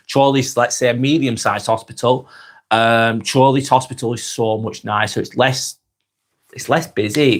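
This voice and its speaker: A man in his forties with a Northwest English accent, getting over a cold, reading out viewers' comments and chatting back in a relaxed, friendly way. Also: medium pitch. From Northwest England. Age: 40s. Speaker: live stream host reading comments. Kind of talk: casual live chat.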